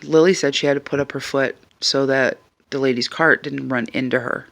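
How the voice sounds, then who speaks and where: A man telling a story in a casual, animated and exasperated way. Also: mid-range voice, brisk, creaky. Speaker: vlogger.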